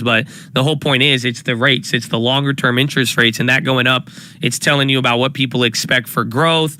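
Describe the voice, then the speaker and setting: A man's voice: medium pitch, no echo. A man hosting a live stock trading stream, talking casually and hyping up his viewers with repeated calls. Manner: hype, energetic, repeats phrases. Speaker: livestream stock trading host.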